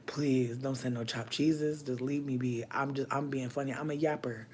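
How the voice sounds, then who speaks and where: A man giving casual comedic commentary in a campy, animated way, laughing often and using heavy slang. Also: mid-range voice, normal speed, a little hiss or hum.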